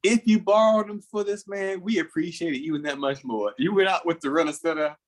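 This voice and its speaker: A man from Miami hosting a podcast, animated and joking, often laughing as he talks. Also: on the high side, brisk. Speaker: podcast host. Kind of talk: casual podcast conversation.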